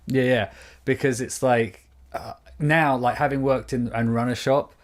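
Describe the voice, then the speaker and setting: A man's voice: medium pitch, fairly even intonation, a little slow. Male co-host, casual, chatty, rambles with fillers and laughs. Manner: rambling, laughs mid-sentence, lots of "like" and "you know". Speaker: podcast co-host. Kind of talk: casual chat.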